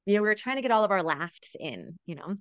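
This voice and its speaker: Her mid-pitched voice is clean and quick, with no echo at all. She's in her thirties, a mother of four living overseas, and as an interview guest she tells family tales in a lively, casual way, frequently adding "right?".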